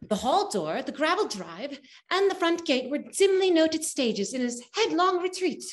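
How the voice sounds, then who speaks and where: A woman's voice: high voice, sing-song, unhurried. A woman narrating a spooky story in a stage reading, with dramatic storytelling.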